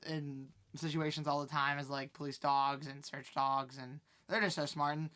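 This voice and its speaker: A man co-hosting a casual podcast on a headset mic. He makes quick, wry remarks and often restarts his sentences. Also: fairly high pitch, level tone, bright, forceful tone. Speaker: podcast co-host. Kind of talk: casual chat.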